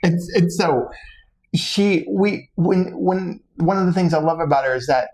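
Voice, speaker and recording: A man, co-hosting a podcast, telling stories in an animated way with frequent laughter and repeated words. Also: high voice, measured pace, poor audio. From Texas. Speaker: co-host. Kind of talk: casual podcast chat.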